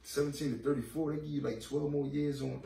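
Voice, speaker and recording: A man with a gravelly, creaky voice tells his story in blunt street slang, acting out what others said to him. He sits a little away from the mic in a roomy, echoing space with faint ambience behind him. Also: on the high side, fast, far from the mic. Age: 30s. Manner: animated, profane street storytelling acting out dialogue. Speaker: interview guest. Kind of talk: storytelling in a podcast interview.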